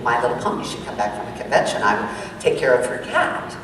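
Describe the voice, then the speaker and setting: A woman voice actor telling a lively, excitable story on a convention panel, jumping into sudden high exclamations. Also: quick pace, background noise. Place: large convention hall. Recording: echoey convention hall, distant mic, crowd.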